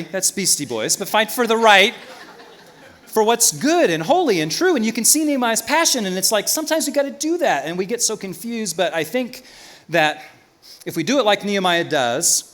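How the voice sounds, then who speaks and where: A man preaching a sermon as pastor in a church, swinging from loud emphasis to quiet asides. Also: a little high.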